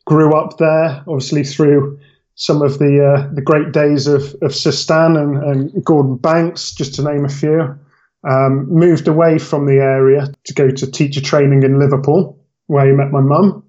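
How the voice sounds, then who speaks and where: A man's voice: fairly high pitch, flat delivery, measured pace, a little mellow. Polite Bristol man, muffled sound. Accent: Bristol, mixed. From Bristol, England. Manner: polite, hesitant with many ums. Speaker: podcast guest. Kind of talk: casual interview.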